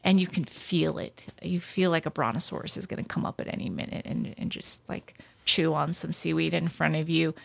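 A woman being interviewed about her outdoor adventures, a lively, self-deprecating storyteller who laughs often. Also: low voice, fairly quick, gravelly, hardly any pauses. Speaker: guest, outdoor adventure writer. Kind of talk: casual interview chat.

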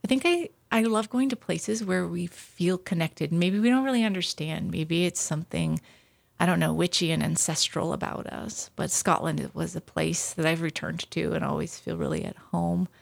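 Gravelly-voiced woman telling stories. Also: on the low side, moderate pace, dry recording. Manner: lively storyteller, self-deprecating, laughs often. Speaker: guest, outdoor adventure writer. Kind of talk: casual interview chat.

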